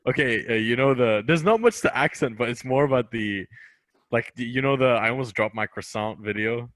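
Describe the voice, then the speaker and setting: A man's voice: medium pitch, moderate pace, dry recording. A young man in his twenties chatting animatedly as a comedian guest on a podcast. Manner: animated, chatty, drops into voices. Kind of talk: casual interview chat. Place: podcast studio.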